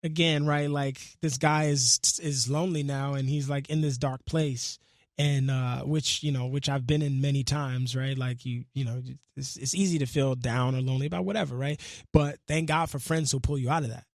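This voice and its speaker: A man's voice: medium pitch, fairly even intonation, moderate pace, no echo. A man, a guest musician in a radio studio, talking in an earnest, reflective and slangy way and half-reciting lyrics. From Brooklyn, New York. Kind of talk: casual interview chat.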